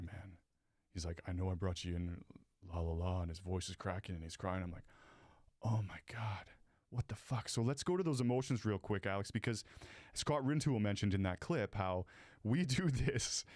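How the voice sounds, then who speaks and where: A man's voice: mid-range voice, dry recording. A man with a mid-range voice hosting a casual interview. He talks bluntly, swears freely and digs in with questions. The sound is dry and close. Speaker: host.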